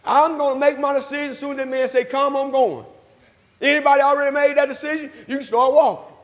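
A man preaching a sermon, calling for responses, repeating his phrases and rising to loud emphatic peaks. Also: very high-pitched, fairly even intonation, brisk, in a large hall. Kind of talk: sermon with invitation call. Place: church hall.

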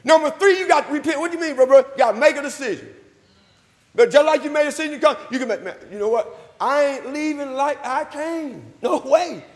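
A man preaching, his voice pitched very high for a man and ringing with the long echo of a church hall. He calls out to the congregation, repeats his lines and climbs to loud emphatic peaks. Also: brisk. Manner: call-and-response, repeats phrases, rises to loud emphatic peaks. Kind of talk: sermon with invitation call.

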